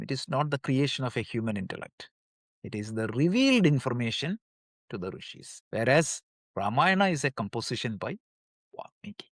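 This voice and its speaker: A man's voice: medium pitch, dry recording, studio quality. A man teaching a live study class, who poses questions and answers them himself and recites verses in between.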